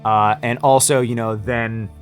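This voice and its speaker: A man tells a story in a casual vlog about running his own business. His pitch sits in the middle, and his talk rambles with lots of fillers and false starts. Faint music plays underneath. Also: steady tone, a little slow. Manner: rambling, with frequent restarts and fillers. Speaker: small business owner.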